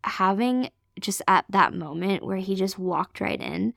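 A woman from Canada telling an emotional personal testimony as a podcast guest, earnest and excited. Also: medium pitch, a little slow, gravelly, no room sound, clean studio sound. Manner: earnest, excited storytelling with many fillers.

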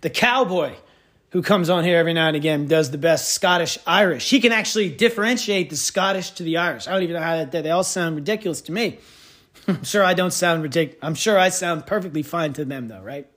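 A man holds forth in a loose podcast monologue. His voice sits fairly high and swings widely as he tells stories in a wry, self-mocking way. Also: big pitch swings, moderate pace, a bit bright. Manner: rambling, wry, self-mocking storyteller with big pitch swings. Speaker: podcast host. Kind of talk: casual monologue.

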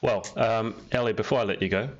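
Low-voiced man hosting a live interview. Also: steady tone, fast, highs cut off. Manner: playful, laughs often. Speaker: interview host.

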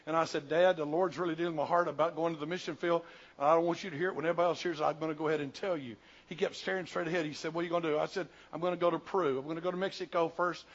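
This is a man in his sixties from the Southern United States, preaching a sermon in a church. His voice sits somewhat high and swings between loud, quick bursts and hushed, slow stretches. The recording is dull and lo-fi. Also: fairly even intonation. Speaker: pastor. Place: church sanctuary.

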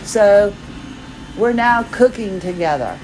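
A tired woman talks casually into her podcast from home, jumping between errands and thoughts in a rambling, self-deprecating way. Her voice sits at an everyday middle pitch, with faint household noise in the background. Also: animated, takes it slowly. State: tired, moving carefully while pregnant. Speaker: podcast host. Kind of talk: casual personal monologue.

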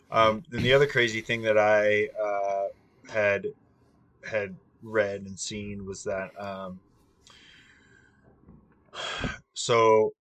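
A man's voice: on the low side, a bit bright. A young man in casual chat, rambling and swearing freely, with plenty of ums. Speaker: podcast co-host.

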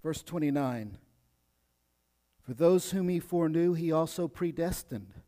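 A male pastor preaching a sermon with lots of energy, dropping to a hush and then rising loud, often repeating himself. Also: fairly high pitch. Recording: long church reverb.

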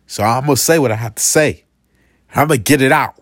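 A young man rants straight to camera in a casual vlog, his medium-pitched voice moving at a moderate pace with clean studio quality and no room sound. He's slangy, aggrieved and repetitive, constantly checking in with "you feel me."

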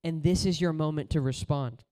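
At a moderate pace, a man gives a relaxed, conversational sermon full of stories, alternating between loud exhortation and hushed, low moments.

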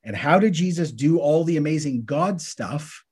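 A man co-hosting a podcast, teaching through Bible passages in a casual, lively way and acting out the questions listeners might ask. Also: on the high side, normal speed, breathy edge.

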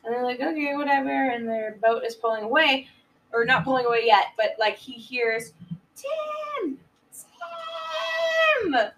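A woman casually retelling a film plot on a podcast, laughing often and jumping into loud voices for the characters. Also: a little high, fairly even intonation, fairly quick, recorded from a distance, low-quality recording. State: giggly, a bit high. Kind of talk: casual chat.

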